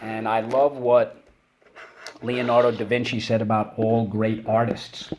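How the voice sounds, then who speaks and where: A man teaching a recorded spelling lesson for children, upbeat and encouraging, drawing out syllables slowly as he drills words. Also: on the low side, flat delivery, a little mellow, slight background noise.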